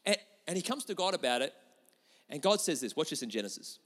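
A man preaching a sermon with lots of energy, moving between loud emphatic lines and quiet, intimate asides. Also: on the high side, big pitch swings, fast talker. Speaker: pastor. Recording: long hall reverb.

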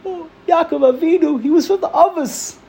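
A man voicing a fretful poor man who protests in a high, rising whine. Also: moderate pace, vocal fry, darkish tone. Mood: protesting. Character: fretful poor man arguing his case.

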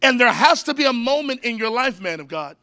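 A man preaching a sermon with high energy, calling out to the congregation to repeat after him and cracking jokes along the way. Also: sing-song, fairly quick, bright, forceful tone, dry recording. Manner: jokey asides to the crowd. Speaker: pastor.

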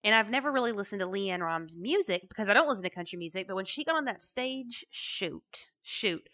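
A woman hosts a motivational podcast. Her voice is bright and forward, roughened by a gravelly fry. She talks in a chatty, folksy, emphatic way. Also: mid-range voice, expressive, a little fast. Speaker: podcast host.

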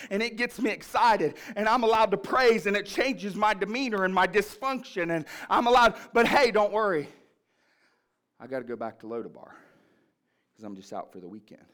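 A male preacher from Ohio with a high, bright voice, preaching to a congregation. He climbs to fervent shouts, then drops low and confiding to tell a story. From Ohio, USA. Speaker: pastor. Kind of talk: sermon. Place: church sanctuary.

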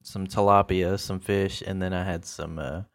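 A man's voice: sits low, steady tone, moderate pace, clear, resonant tone. A man hosting a casual solo podcast, talking in a rambling, laid-back way with many fillers. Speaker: podcast host.

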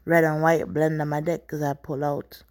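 A woman's voice: sits low, flat delivery, normal speed, darkish tone. A woman, the author, reading her own book aloud in an intense, poetic, rhythmic spoken-word style.

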